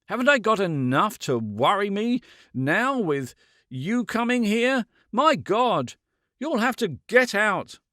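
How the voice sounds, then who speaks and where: A man voicing a frantic young man, raging and near madness, shouting almost to a scream. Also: high voice, very animated, slow, no echo, studio quality, pitched above the performer's own voice, exaggerated voice. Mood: angry.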